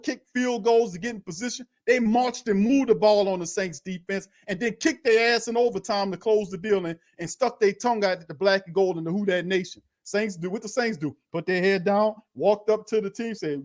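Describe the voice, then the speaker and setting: A man's voice: high-pitched, brisk, few pauses. Fired-up man ranting. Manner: heated, swearing, stammering restarts. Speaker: sports show host. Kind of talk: live-stream watch party rant.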